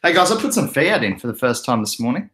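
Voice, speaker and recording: A young Australian man hosting a casual crypto livestream, relaxed and chatty, laughing often as he reads out the chat. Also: medium pitch, quick pace.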